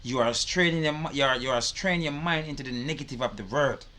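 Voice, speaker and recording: Bright-voiced man reacting. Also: mid-range voice, fast. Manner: swears freely, repeats his points. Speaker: reaction video host. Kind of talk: casual commentary.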